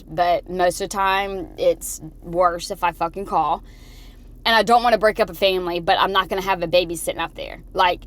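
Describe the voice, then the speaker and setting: A woman's voice: lowish voice, a bit bright. A woman vlogger ranting and swearing while she drives, talking into her phone. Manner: swearing, heated and rambling. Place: in a car.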